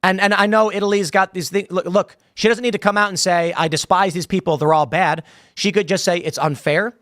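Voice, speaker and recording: A man's voice: sits high, steady tone, a little fast, fairly bright tone, no echo, clean studio sound. A man hosting a live show, reading chat comments and riffing on them in a rambling way, full of fillers and restarts. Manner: rambling, many fillers and repeated starts. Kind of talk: casual live-stream commentary.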